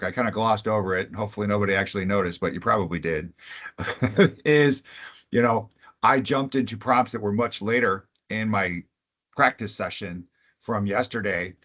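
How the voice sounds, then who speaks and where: Lowish-voiced man, hesitant on a webinar. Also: a bit bright. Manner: hesitant, hedging, many fillers. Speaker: webinar co-presenter. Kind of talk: casual webinar talk.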